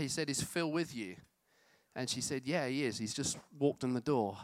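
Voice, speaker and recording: A man's voice: mid-range voice, clean tone, no echo. A middle-aged man, preaching a sermon in a conversational, self-deprecating way with many fillers. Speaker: pastor.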